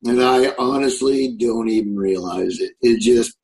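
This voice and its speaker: A man's voice: mid-range voice, a little slow, creaky, darkish tone, low-quality recording. Guest comedian, male, 60s, Southern US accent; easygoing, rambling delivery. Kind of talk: casual interview chat.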